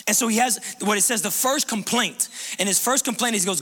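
High, bright-voiced preacher in a hall. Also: male voice, brisk, slightly rough. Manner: conversational and animated, with many restarts and "like". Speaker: pastor. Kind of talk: sermon. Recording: long reverb of a large room.

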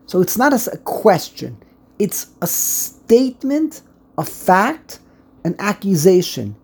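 A woman teaching a text study lesson, reading slowly, often restarting and then stressing points with emphasis. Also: fairly low pitch, sing-song, a little mellow.

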